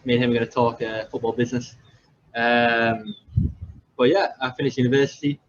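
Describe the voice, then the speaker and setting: Young man from england, podcast host, self-deprecating, rambling, medium pitch, muffled audio. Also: steady tone, a little fast. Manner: rambling, self-deprecating, many fillers and restarts. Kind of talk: casual storytelling. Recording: slightly dull lo-fi audio with faint background noise.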